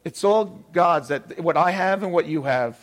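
A man's voice: on the high side, unhurried. A man preaching a sermon in an emphatic way, repeating his key phrases.

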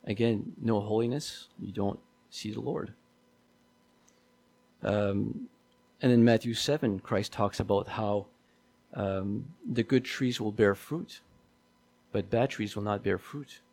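Gravelly low-voiced man preaching. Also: slow pace, long pauses, darkish tone. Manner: conversational preaching with repetitions and rhetorical questions. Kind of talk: sermon.

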